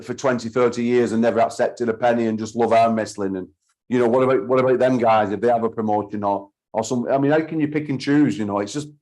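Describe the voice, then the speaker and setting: A man's voice: medium pitch, darkish tone, poor audio. A man, host of a call-in talk show, ranting heatedly and swearing often. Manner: heated, sweary, repeats himself. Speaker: podcast host.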